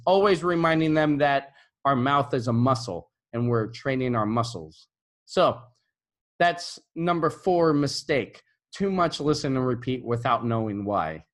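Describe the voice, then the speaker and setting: A man who is an English teacher, giving teaching tips to camera in a relaxed, conversational way and often checking in with "right?". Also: fairly high pitch. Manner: models intonation by repeating example phrases.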